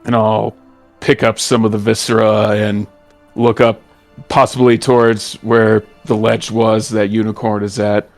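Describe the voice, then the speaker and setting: Male player, low even voice, casual hesitant narration of his character's actions. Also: a little slow, soft background music. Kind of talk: casual tabletop role-play.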